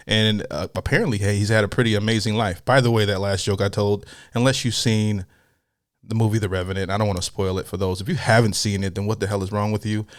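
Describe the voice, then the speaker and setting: A man's voice: fairly low pitch, no echo, studio quality. A man hosting a reaction video, chatting casually and sounding amused. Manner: laid-back, amused, chatty. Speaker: reaction channel host.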